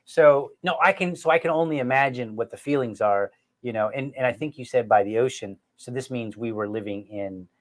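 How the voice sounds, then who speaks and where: A middle-aged man hosting a podcast, telling a family story in an animated, self-mocking way and talking straight to his listeners. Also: medium pitch, brisk. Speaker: podcast host. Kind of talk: casual storytelling chat.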